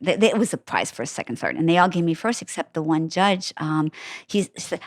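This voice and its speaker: A woman's voice: sits low, animated, brisk, no echo, studio quality. A woman guest in a casual interview, telling her story candidly and with animation, with many fillers. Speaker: guest author.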